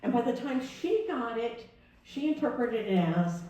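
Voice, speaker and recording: With a slightly high, warm voice at a moderate pace, a very animated woman minister preaches in a church sanctuary. Her sermon includes a personal story told conversationally, with the dialogue acted out, and the recording is distant and echoey.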